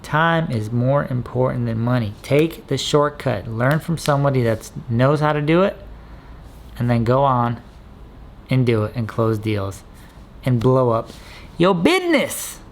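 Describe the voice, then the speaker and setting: Gravelly-voiced contractor coaching newcomers. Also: male voice, medium pitch, big pitch swings, unhurried, pauses often, a little hiss or hum. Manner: punchy, coaching, drops "dude" and "okay?". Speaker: landscaping contractor. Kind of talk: motivational business vlog.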